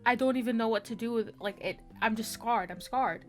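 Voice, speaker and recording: A woman's voice: fairly high pitch, a little fast, faint music behind. A woman reviewing a book in a casual vlog, talking frankly with lots of fillers and sounding exasperated.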